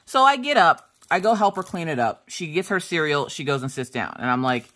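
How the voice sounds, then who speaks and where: Animated woman telling chatty stories. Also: low-pitched, fairly quick. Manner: animated storyteller, laughs often, acts out dialogue. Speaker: crafting vlogger. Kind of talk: casual chat.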